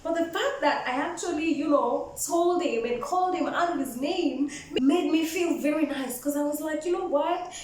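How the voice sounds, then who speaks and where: A young woman with a Kenyan accent tells a storytime vlog in a lively, sassy way. Her voice sits high, and she sounds a little away from the mic in a very echoey room with faint ambience behind her. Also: moderate pace, few pauses, distant mic. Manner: animated, code-switching, sassy. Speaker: vlogger.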